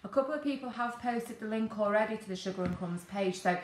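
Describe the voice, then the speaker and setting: A woman's voice: mid-range voice, fast, a little hiss or hum. A woman co-hosting a live stream, steadily explaining where things are on the website, with many ums. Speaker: co-host reading out website details. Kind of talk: casual live-stream announcements. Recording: echoey kitchen room.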